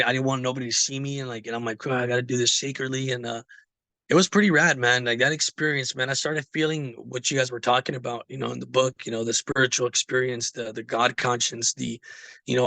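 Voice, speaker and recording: A man's voice: medium pitch, fairly even intonation, fast talker, creaky, bright, forceful tone, no echo. A man telling his recovery story in a casual, rambling way, with many fillers. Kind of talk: casual personal testimony.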